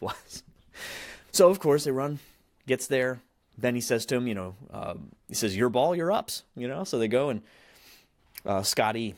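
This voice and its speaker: A man's voice: mid-range voice, no room sound, studio quality. A man hosting a podcast, retelling a film plot in a rambling, casual way full of fillers and restarts. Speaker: podcast host.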